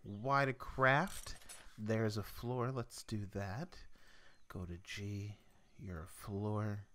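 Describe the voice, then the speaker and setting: Low, slow-talking young man playing a game. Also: fairly even intonation, fairly bright tone. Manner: rambling, muttering to himself, chuckling. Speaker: gameplay commentator. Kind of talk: let's play commentary.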